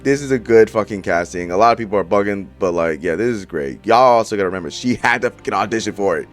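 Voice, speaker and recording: A man's voice: on the low side, lively intonation, fast talker, soft background music. A young man giving casual, profane commentary straight to his viewers, full of slang. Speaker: YouTuber reviewing movie casting.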